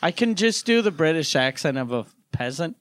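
A man co-hosting a casual comedy podcast, talking dry and deadpan with sarcasm. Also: fairly high pitch, moderate pace, no room sound. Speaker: podcast co-host.

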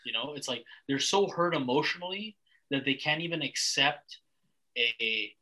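A man's voice: mid-range voice, lively intonation, normal speed, bright, forceful tone, low-quality recording. A young man from Canada hosting a casual podcast chat, blunt and rambling, swearing freely with lots of restarts. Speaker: podcast host.

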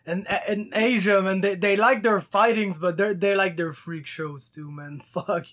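A man's voice: high-pitched, steady tone, a little slow, a bit bright. A man hosting a podcast, chatting in a loose, sweary, laid-back way. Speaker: podcast host. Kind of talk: casual chat with a guest.

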